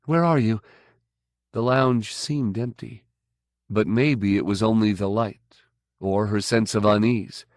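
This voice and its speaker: Male audiobook narrator, measured and even, lowish voice. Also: dry recording, studio quality. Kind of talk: scripted narration.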